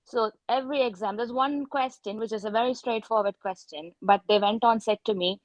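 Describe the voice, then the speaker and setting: A woman's voice: a little high, brisk, hardly any pauses, dry recording, low-quality recording. A woman surgeon candidly recounting her exam experiences at an informal online meet-up, often correcting herself mid-sentence. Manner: candid anecdotal storytelling, frequent self-corrections.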